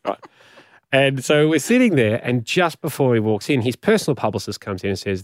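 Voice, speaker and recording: A man in his forties with an Australian accent, telling animated anecdotes as a guest and laughing often. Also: medium pitch, fairly quick, no room sound, clean studio sound. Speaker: radio and podcast host, guest. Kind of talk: casual storytelling.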